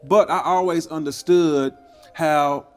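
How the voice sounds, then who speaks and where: Earnest higher-voiced man, measured talk. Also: steady tone, soft background music. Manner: earnest, measured, often ends points with "right?". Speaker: podcast guest. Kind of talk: reflective interview talk.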